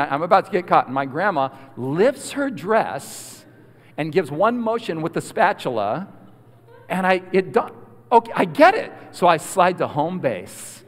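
A man preaching a storytelling sermon, animated and swinging from loud to hushed. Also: sits high, measured pace. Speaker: guest preacher. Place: large hall at a school prayer week. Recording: long hall reverb.

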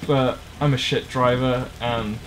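A man's voice: mid-range voice, fairly even intonation, a little slow, a little hiss or hum. A man giving rambling, jokey let's play commentary on a driving game, swearing often. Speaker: gamer playing a driving game.

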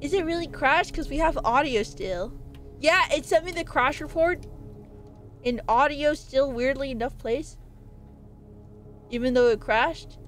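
A woman's voice: sits high, unhurried, pauses often, soft background music. A woman streaming a game live, chatting and rambling jokily to her chat as she plays. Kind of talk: live gameplay commentary.

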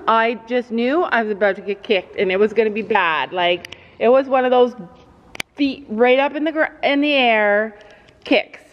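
A chatty middle-aged woman with a fairly high voice tells a story to her vlog audience with lots of drama, breaking off to coo at her horses. The sound is a little dull and carries a long echo. A faint hum of ambience sits behind her. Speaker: family vlog host.

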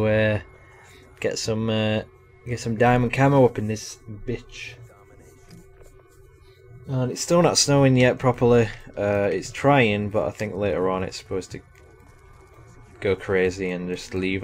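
A man's voice: lowish voice, steady tone, normal speed, long pauses, faint music behind. A young man giving casual, rambling live commentary over a shooter game, chatty and self-deprecating. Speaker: gaming commentator.

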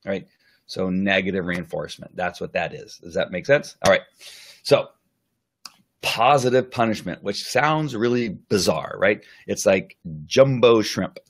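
Brief: man, dog trainer, lowish voice, talks casually with lots of "uh" and "right?". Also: animated. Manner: chatty, rambling, many fillers and restarts; acts out the dog's thoughts in quick asides. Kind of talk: casual live-stream lesson.

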